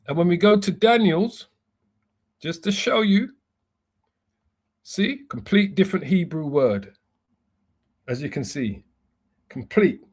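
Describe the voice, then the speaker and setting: A man with a slightly higher voice teaches from scripture as a bishop. He laughs at himself and trips over pronunciations as he goes. The delivery is loose and unscripted. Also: husky. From United Kingdom. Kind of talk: Bible teaching.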